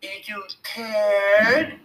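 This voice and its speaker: A man voicing a wild, mischievous boy who screeches and taunts in a shrill, girlish squeal. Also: flat delivery, extremely slow, a bit bright, roomy sound, far from the mic, heavily acted, low-quality recording. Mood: shrill taunting.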